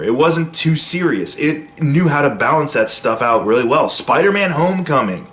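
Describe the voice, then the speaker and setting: A man giving a casual, opinionated spoken film review, with sudden jumps in pitch for emphasis. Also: fairly bright tone, echoey room.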